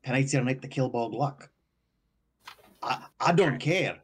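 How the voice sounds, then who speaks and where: A man's voice: mid-range voice, measured pace, husky. A man playing in a tabletop game, insistently spelling out the group's plan. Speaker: player. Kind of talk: casual chat during a tabletop game.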